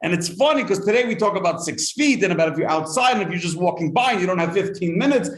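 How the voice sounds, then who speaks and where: A male rabbi gives a spirited Torah class to a live audience, telling stories, posing rhetorical questions and translating Hebrew quotes along the way. His voice is high-pitched and quick, and the sound is roomy.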